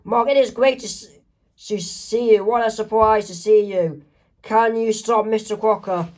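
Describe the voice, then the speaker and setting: A cocky boy genius, as a man reading a comic puts him on, excited and emphatic. The voice rises a bit above the reader's own. It is a homemade storybook reading. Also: high voice, slow.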